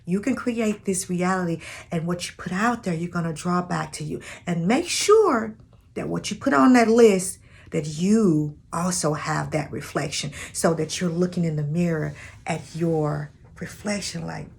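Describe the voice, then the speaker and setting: A woman's voice: on the low side, expressive, measured pace, gravelly, husky. A woman vlogging dating advice to viewers she calls sis, in a chatty, preachy, spiritual way. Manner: spiritual, encourages prayer and manifesting. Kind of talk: casual motivational talk to camera.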